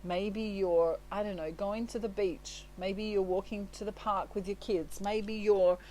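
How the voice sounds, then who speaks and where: A woman's voice: medium pitch, fairly even intonation, unhurried, mellow, a little hiss or hum, poor audio. A woman giving a casual, chatty tarot reading. She sounds reassuring, laughs often and keeps tagging her points with "right?" and "you know". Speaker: tarot reader.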